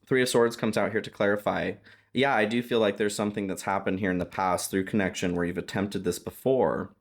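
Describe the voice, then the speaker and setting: A man's voice: on the low side, fairly even intonation, a little fast. A man giving a casual tarot reading to his viewers, chatty and reassuring, often checking in with "okay?". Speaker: tarot reader.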